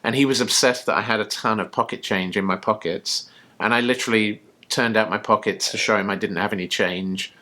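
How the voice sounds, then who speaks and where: A man's voice: lowish voice, steady tone, fairly quick, bright, forceful tone. A man from the UK co-hosting a tipsy casual chat, rambling through jokes and stories. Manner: rambling, storytelling, jokey. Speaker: co-host.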